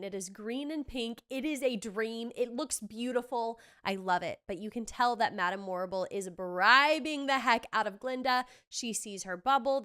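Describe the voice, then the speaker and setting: An excitable woman hosts a casual podcast chat, gushing with quick asides. Her voice sits a little high and comes across smooth and clean. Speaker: podcast host. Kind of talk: casual chat recapping a trailer.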